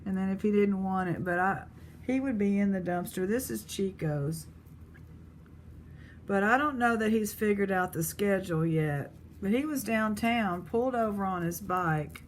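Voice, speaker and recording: A woman's voice: mid-range voice, moderate pace, slight background noise. A woman vlogger chatting casually, rambling between stories as she prices jewelry pieces. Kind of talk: casual chat.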